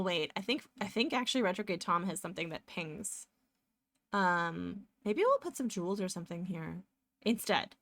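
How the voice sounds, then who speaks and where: A woman's voice: mid-range voice, a bit bright, dry recording. A woman live streaming as she draws, chatting casually and rambling as she narrates her work and often laughs. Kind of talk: casual chat while drawing live.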